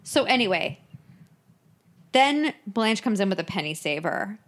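A woman co-hosting a casual podcast, excitedly recapping a sitcom episode and acting out lines from it. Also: medium pitch, measured pace. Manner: excitable, acts out lines from the show. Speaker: podcast co-host.

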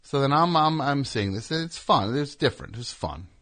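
A man's voice: mid-range voice, animated, normal speed, a bit bright. A man hosting a show, telling a rambling, sarcastic, indignant story as a comedic rant. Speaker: host.

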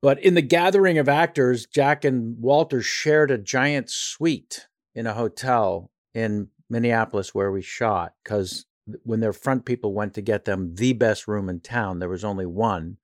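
A man's voice: mid-range voice, unhurried, hardly any pauses, dry recording, studio quality. A male actor and impressionist telling rambling, self-deprecating stories in a casual interview.

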